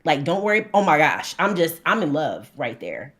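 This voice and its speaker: A woman's voice: low voice, sing-song, moderate pace, a bit bright. A woman relationship coach giving blunt, emphatic opinions as a guest on a podcast interview.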